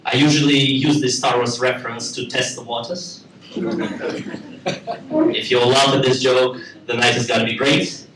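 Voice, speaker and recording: A man with a Russian accent performing stand-up comedy for a live audience, with a deadpan delivery. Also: medium pitch, moderate pace, pauses often, reverberant, recorded from a distance, background noise. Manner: deadpan delivery, with acted-out character voices. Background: audience laughter.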